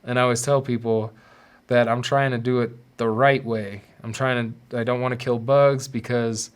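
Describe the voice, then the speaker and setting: A man's voice: mid-range voice, little pitch movement, clean tone. A man hosting a podcast, speaking in a confessional personal monologue. He halts often and repeats words as he searches for what to say. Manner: halting, repeats words while searching for them. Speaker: podcast host.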